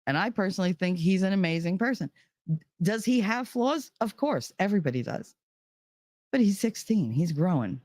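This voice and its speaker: A woman's voice: mid-range voice, lively intonation, moderate pace, darkish tone, dry recording, studio quality. A middle-aged woman streaming from home, telling a story in casual chat, heated and profane. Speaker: live streamer.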